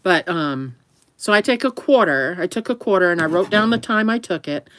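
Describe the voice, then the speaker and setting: Low-voiced woman chatting casually. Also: lively intonation, normal speed, a bit bright. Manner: rambling, chatty, laughs often; talks affectionately to her dog between remarks. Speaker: vlogger. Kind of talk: casual chat to camera.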